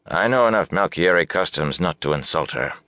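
A man voicing a blunt, protective older lord who speaks frankly and briskly. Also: deep voice, lively intonation, bright, forceful tone, no room sound, studio quality. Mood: earnest.

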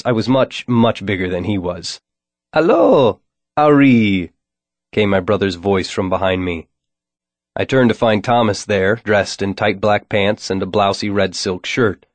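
A man narrating a novel in the first person with a wry, deadpan delivery. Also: lowish voice, no room sound. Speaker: audiobook narrator.

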